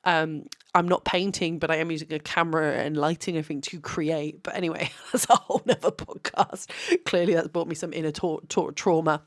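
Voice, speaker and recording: A woman's voice: sits low, steady tone, brisk. A tired woman and photographer, talking candidly late at night, rambling with many restarts and laughs.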